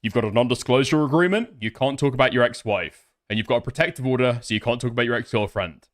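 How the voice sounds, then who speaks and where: A man's voice: medium pitch, quick pace. A man hosting a commentary video, mocking a streamer in a sardonic, crude way. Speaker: commentary host.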